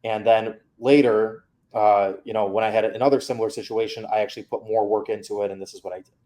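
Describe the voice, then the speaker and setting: A man's voice: fairly low pitch, flat delivery, fast, warm tone. A man coaching a student through feedback on her mock interview, candid and casual.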